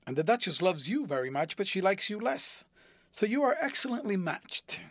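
A man voicing a cynical, witty gentleman lord in an audiobook reading, with an amused, epigrammatic manner. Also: high voice, big pitch swings, moderate pace, no echo, studio quality, voice pushed up, heavily acted.

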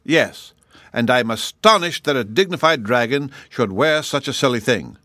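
A man voicing a boastful old gnome king who talks in a loud, bragging, indignant way. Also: medium pitch, lively intonation, normal speed, no echo, clean studio sound, pitched above the performer's own voice. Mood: scoffing.

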